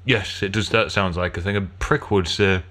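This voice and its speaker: Man, low-pitched, bright edgy tone, sardonic podcast co-host, crude one-liners. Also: steady tone, normal speed. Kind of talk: casual comedy podcast banter.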